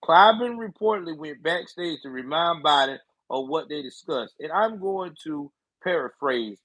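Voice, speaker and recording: Male livestream commentator, sarcastic, profane, slightly high, husky. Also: sing-song, moderate pace, a bit bright, dry recording, rough recording. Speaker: political commentary host.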